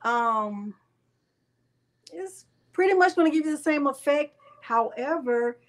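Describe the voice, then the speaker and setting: A woman hosts a live crafting tutorial at a slightly high pitch. She talks slowly and stays chatty and playful, teasing the viewers in her chat as she works. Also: animated. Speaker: crafting channel host.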